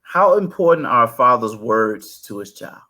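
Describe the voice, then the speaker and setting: A man's voice: medium pitch, sing-song, normal speed, bright, forceful tone. A man hosting an interview about fatherhood, laid-back, who chuckles often and tells stories about his son. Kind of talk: conversational interview.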